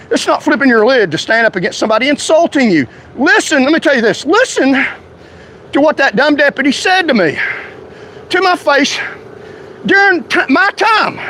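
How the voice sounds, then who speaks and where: A man's voice: very high voice, pushed and bright, rough recording. Man, angry vlog rant, confrontational, faint traffic noise behind. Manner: heated, indignant, confrontational. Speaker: vlogger ranting to followers. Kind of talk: angry direct-to-camera rant.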